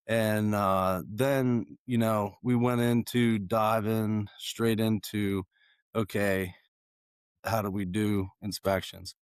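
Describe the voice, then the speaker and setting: Hoarse, raspy man, slow and halting. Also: fairly low pitch, no room sound, clean studio sound. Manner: halting, many fillers and restarts. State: hoarse, losing his voice. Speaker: guest. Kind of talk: casual conversation.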